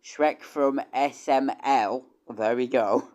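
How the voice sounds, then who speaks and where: Rambling young streamer. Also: male voice, mid-range voice, takes it slowly, hardly any pauses, a little mellow, highs cut off. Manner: rambling, stammering restarts, swears casually. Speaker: streamer and composer. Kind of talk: casual livestream chat.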